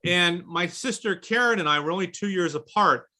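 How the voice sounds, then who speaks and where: Animated guy chatting on a video call panel, bright voice, jokey and fired up. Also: high voice, moderate pace. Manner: animated, mock-indignant, joking. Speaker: author panelist. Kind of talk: casual panel chat.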